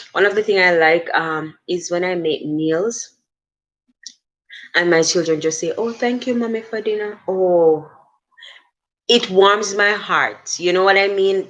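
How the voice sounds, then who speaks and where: A middle-aged woman hosts a casual motivational livestream. Her voice sits on the lower side. She talks slowly and earnestly, and her speech is full of "um"s and restarts. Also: fairly bright tone, muffled recording. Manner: chatty, earnest, many fillers and restarts. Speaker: livestream host.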